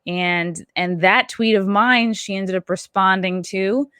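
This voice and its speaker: A woman's voice: mid-range voice, takes it slowly, pushed and bright, clean tone, no echo, studio quality. Chatty woman podcast host. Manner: chatty, self-mocking, laughs at own slips. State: a bit out of breath. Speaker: podcast host and stand-up comedian. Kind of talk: casual chat, reading ads.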